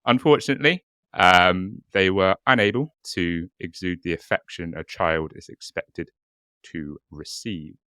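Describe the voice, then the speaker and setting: A man's voice: deep voice, a little slow, sharp tone, smooth, no room sound, clean studio sound. A young man co-hosting a casual podcast, swearing and repeating words as he narrates a case. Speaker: podcast co-host.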